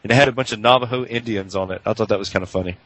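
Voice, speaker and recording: A man's voice: on the low side, racing, a bit bright, rough recording. A man from New Jersey co-hosting a wrestling radio show, brash and loose in casual banter. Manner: brash, trash-talking, loose. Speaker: co-host.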